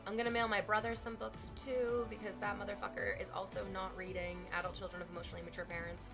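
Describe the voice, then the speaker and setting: A woman's voice: mid-range voice, level tone, fast talker, over music. A woman streaming from home, chatting casually with viewers in a playful, teasing way, swearing freely.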